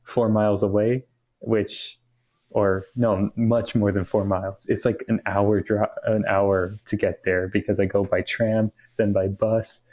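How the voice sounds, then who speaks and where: A man's voice: on the low side, level tone, a little slow, darkish tone. Young man rambling through a story. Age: young adult. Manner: rambling storyteller, many restarts. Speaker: podcast co-host. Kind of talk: casual chat.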